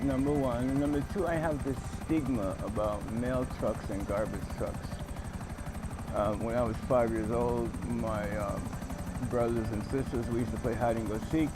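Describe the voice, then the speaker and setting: A man playing a video game and telling a rambling, profane tall tale full of fillers. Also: medium pitch. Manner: rambling, profane, fillers, acts out scenes loudly. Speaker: gaming streamer. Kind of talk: tall-tale comedic storytelling over gameplay. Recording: game music underneath. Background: game music.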